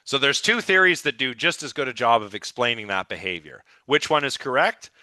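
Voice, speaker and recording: Excited male professor, very bright sharp tone, slightly scratchy voice, dry close sound. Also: medium pitch, a little fast, no echo. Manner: enthusiastic, rambling with restarts and "like". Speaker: philosophy lecturer. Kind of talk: live class lecture.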